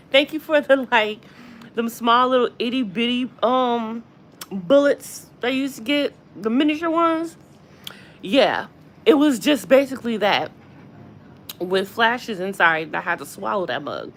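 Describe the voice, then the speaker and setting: A woman hosting a casual gossip livestream from a hospital room, chatty and animated, often addressing her viewers directly. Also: medium pitch, a little hiss or hum. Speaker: gossip channel host.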